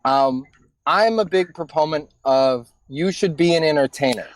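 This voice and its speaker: A man's voice: on the high side, normal speed. A man hosting a podcast while stoned, speaking loosely and challenging his guest. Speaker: podcast host. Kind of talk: podcast interview.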